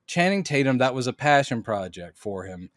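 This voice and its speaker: A man co-hosting a podcast in casual chat, animated and quick to act out quotes in put-on voices. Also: mid-range voice, no room sound, studio quality. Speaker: podcast co-host.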